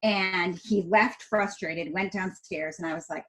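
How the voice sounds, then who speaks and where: A woman's voice: fairly low pitch, measured pace, rough recording. A middle-aged woman, a podcast guest, chatting casually and acting out family moments as she tells her story. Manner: animated storyteller, acts out family dialogue.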